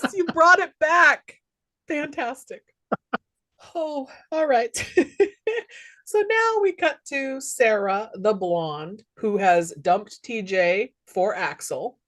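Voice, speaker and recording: Lively, laughing woman podcast co-host. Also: mid-range voice, slow. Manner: animated, laughs often while recapping. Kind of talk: casual movie recap chat.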